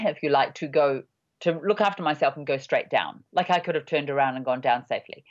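A woman in her sixties, a mountain guide, giving measured, halting interview answers with many pauses. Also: low-pitched. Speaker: high-altitude mountain guide. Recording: dull lo-fi audio.

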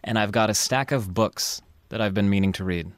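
A man's voice: lowish voice, fairly quick, dry recording. Man, co-host, curious questions, stammery restarts, dry close recording. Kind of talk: interview questions.

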